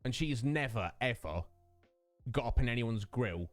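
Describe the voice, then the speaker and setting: A man's voice: mid-range voice, expressive, measured pace, dry recording, faint music behind. A man hosting his own stream, chatting casually with viewers, greeting them by name and laughing often. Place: home streaming setup.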